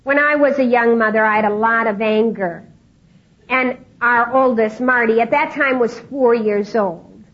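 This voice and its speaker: A woman's voice: fairly high pitch, slightly rough. A middle-aged woman speaking to an audience, telling a personal story, acting out the dialogue and laughing often. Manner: acts out dialogue in lively voices, laughs often. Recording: dull lo-fi recording with faint noise.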